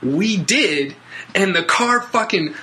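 A man's voice: high-pitched, takes it slowly. A young man telling a profane childhood story on a casual comedy podcast. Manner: animated storyteller, swears a lot, shouts in reenactments. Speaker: podcast co-host.

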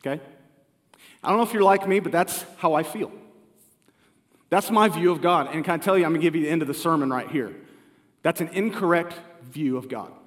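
A man in his forties delivers a Sunday sermon, keeping it conversational and earnest as he poses questions to his congregation. His voice sits a bit high for a man. The live recording carries the long reverb of a church sanctuary. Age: 40s. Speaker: family pastor.

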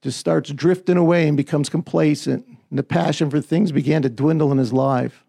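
A man preaching a sermon, reading scripture and urging the listeners on with repeated "come on" calls, often rising close to a shout. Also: on the high side, fairly even intonation, a little fast, gravelly, breathy edge. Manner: emphatic, call-and-response fillers, often rising to near-shouting.

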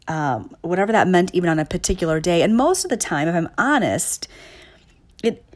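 Reflective woman with a lowish voice. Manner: conversational, repeats "right?", frequent restarts and soft laughs. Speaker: teacher on emotional awareness. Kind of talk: reflective talk to listeners.

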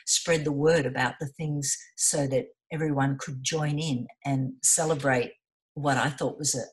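A woman, middle-aged, whose voice sits very low for a woman. She talks as an interview guest, earnest and passionate as she tells her story. The delivery is conversational and heartfelt. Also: fairly even intonation, unhurried. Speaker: interview guest, environmental volunteer.

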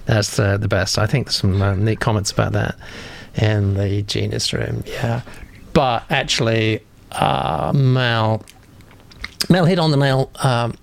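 Gravelly man hosting a chat. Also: fairly low pitch, fairly even intonation, unhurried. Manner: rambling, filler-heavy, self-deprecating. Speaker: host of a writing critique show. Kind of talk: casual chat, reading out listener comments.

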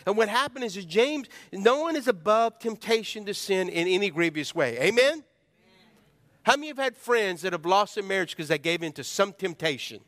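A male pastor delivers a sermon in a fairly high voice. He preaches emphatically, calling out to the congregation for an answer and acting out prayers. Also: expressive, normal speed, a bit bright.

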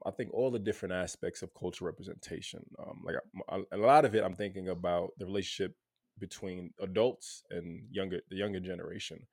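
A man's voice: low-pitched, gravelly, dry recording, clean studio sound. A man in casual chat, laid-back, talking with lots of fillers and restarts.

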